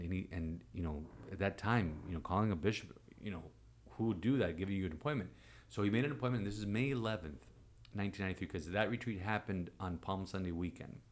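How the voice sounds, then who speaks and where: A priest in his forties telling a personal story in conversation, animated and acting out quoted voices. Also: deep voice. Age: 40s.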